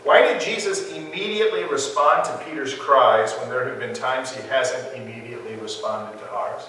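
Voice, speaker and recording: Bright-voiced man teaching in an echoey hall. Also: mid-range voice, normal speed, distant mic, a little hiss or hum. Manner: conversational, quizzing his listeners and laughing along. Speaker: Bible study teacher. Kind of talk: interactive Bible study teaching. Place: church hall.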